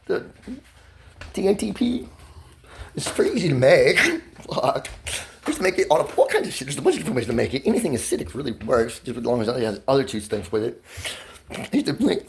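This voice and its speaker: A man in his twenties talking in a rambling, pressured rush, swerving between laughter, near tears and shouting, loud and swearing often. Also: mid-range voice, fairly quick, vocal fry, long pauses. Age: 20s. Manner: loud and expressive, heavy swearing. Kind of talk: emotional monologue to camera.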